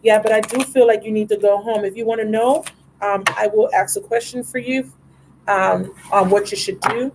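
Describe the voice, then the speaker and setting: A woman's voice: medium pitch, steady tone, normal speed, background noise. Affectionate woman tarot reader, live stream. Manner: affectionate, calls viewers baby and love.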